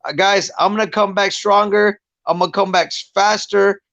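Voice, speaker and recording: A man's voice: high-pitched, steady tone, moderate pace, gravelly, fairly bright tone, dry recording, muffled recording. A man, a guest fighter, chatting bluntly and profanely on a podcast, rambling through his points. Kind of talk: casual podcast chat.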